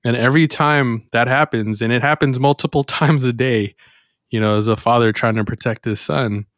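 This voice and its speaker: A man's voice: medium pitch, fairly even intonation, normal speed, fairly bright tone, dry recording, studio quality. A man hosting a faith podcast, reflective and meandering as he thinks aloud in casual talk. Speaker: podcast host.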